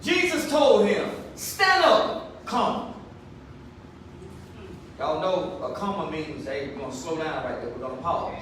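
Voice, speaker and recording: A man preaching a sermon to his congregation, emphatic and animated. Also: a little high, measured pace, pauses often. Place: church. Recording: echoey room from far off, faint noise.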